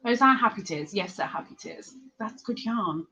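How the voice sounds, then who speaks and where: A woman's voice: medium pitch, lively intonation, normal speed, sharp tone. An English woman with a non-London English accent, hosting a crochet livestream and chatting casually with viewers by name, laughing often. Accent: English, not London. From England. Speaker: crochet livestream host reading chat. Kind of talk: casual live chat.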